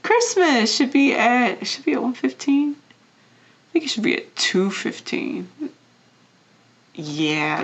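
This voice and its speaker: A young woman vlogger chatting casually as she counts cash into envelopes, often dropping to a soft murmur. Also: on the high side, sing-song, unhurried, pauses often, dull audio, a little hiss or hum. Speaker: vlogger doing budgeting videos.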